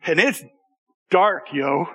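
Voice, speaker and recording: A man telling a personal story to an audience in a lively, conversational way, often checking in with the listeners. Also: high voice, takes it slowly. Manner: animated, conversational, with repeated restarts and audience asides. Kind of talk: storytelling talk.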